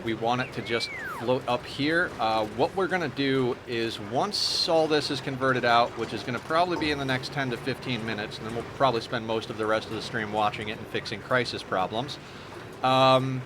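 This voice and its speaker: Man, mid-pitched voice, casual game-stream commentary, talks through each move, steady noise behind. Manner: chatty, explains his plans step by step.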